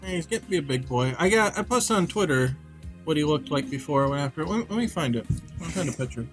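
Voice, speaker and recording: Lively laughing New man. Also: on the high side, quick pace, soft background music. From New York. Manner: animated storytelling with lots of laughter. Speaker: game developer streaming. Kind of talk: casual chat.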